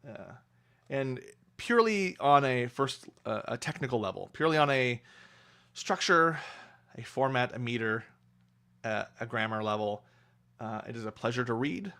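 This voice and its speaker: A man's voice: mid-range voice, expressive, normal speed, pauses often, a bit bright, clear, resonant tone. Hesitant man chatting on a stream. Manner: hesitant, many fillers and restarts. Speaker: streamer reading a book aloud. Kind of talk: casual livestream chat.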